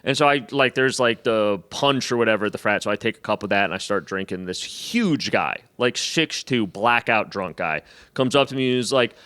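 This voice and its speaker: A man's voice: lowish voice, moderate pace, clean tone. A stand-up comedian, a man, telling a profane, self-mocking story in casual chat, acting out the other people in raised voices. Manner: animated, acts out quotes in raised voices. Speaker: stand-up comedian, podcast guest.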